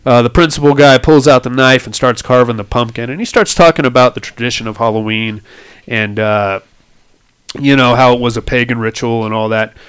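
A man's voice: mid-range voice, brisk, fairly bright tone, clean tone. A young man casually recapping a movie on a podcast, joking crudely and laughing often. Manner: joking, laughs often, acts out quoted lines.

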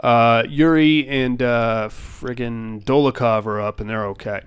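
A man talks through a film in a loose, rambling way, tossing in casual swearing as he goes. His voice is smooth and clean, sitting at an ordinary middle pitch for a man. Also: fairly even intonation, a little slow. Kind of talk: casual movie recap chat.

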